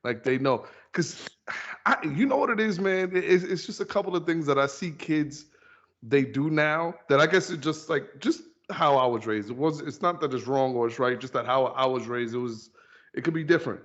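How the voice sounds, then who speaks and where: A man hosting a podcast, telling animated stories in casual chat and acting out other people's lines. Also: fairly high pitch, moderate pace. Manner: animated storyteller, acts out kids' voices. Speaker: podcast host. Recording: dull lo-fi podcast audio.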